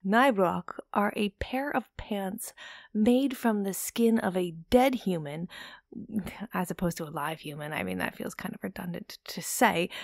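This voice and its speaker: A woman's voice: mid-range voice, dry recording, studio quality. A woman hosting a film podcast, talking casually with chatty, digressive, joking asides. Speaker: podcast host.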